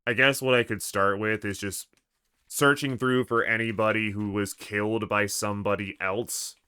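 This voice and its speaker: A man's voice: lowish voice, steady tone, moderate pace, pushed and bright, clear, resonant tone, dry recording, studio quality. A man streaming a game, thinking aloud in a hesitant, musing way. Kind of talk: casual gameplay commentary.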